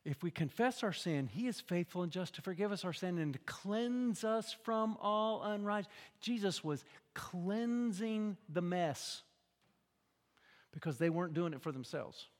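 Older guy preaching, high-ish voice, goes from hushed to shouting, big echoey hall. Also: expressive, unhurried. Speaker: pastor. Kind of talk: sermon.

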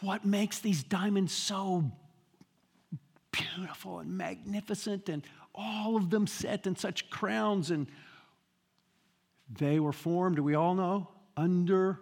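A man's voice: high voice, takes it slowly, pauses often, long reverb tail. A man preaching a sermon as pastor, emphatic and full of rhetorical questions and repetition.

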